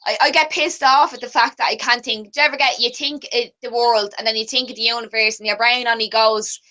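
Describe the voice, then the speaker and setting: A woman's voice: a little high, fairly even intonation, fast, bright, forceful tone. A young woman in her twenties with an Irish accent, candid and giggly in a casual chat. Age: 20s. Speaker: guest.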